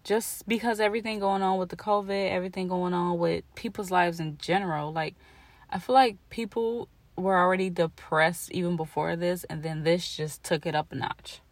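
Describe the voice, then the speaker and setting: A woman's voice: lowish voice, steady tone, normal speed, no echo. Rambling, emotional young woman. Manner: rambling and emotional, full of "like" and restarts. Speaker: podcast host. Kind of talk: casual personal monologue.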